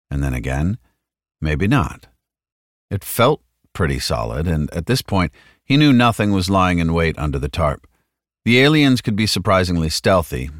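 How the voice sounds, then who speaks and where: A man reading a science fiction audiobook in a measured, expressive narration. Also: very deep voice, dry recording, studio quality.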